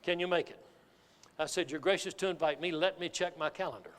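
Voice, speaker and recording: A man giving a keynote sales speech, telling a folksy, animated story to a live audience. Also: fairly high pitch, brisk. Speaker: motivational sales speaker. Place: large hall with an audience. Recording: reverberant hall.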